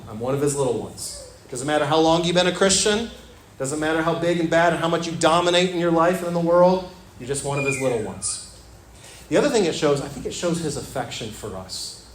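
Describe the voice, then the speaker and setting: A man preaching a sermon as pastor in a church. He talks earnestly and repeats his phrases, dropping to a soft, low voice when he quotes scripture. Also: slight background noise. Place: church sanctuary. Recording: echoey church room with faint ambience.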